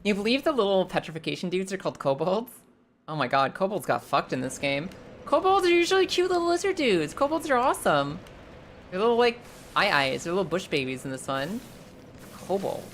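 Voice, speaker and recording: A woman streaming a game live, chatting casually with viewers, swearing freely and breaking into high squeals when the game startles her. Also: sing-song, fairly quick, slight background noise.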